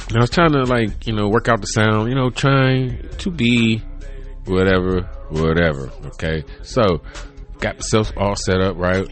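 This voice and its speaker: Rambling, laughing man in his thirties. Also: lowish voice. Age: 30s. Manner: rambling, laughs often, swears freely. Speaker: podcast host. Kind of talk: casual solo chat. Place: home room.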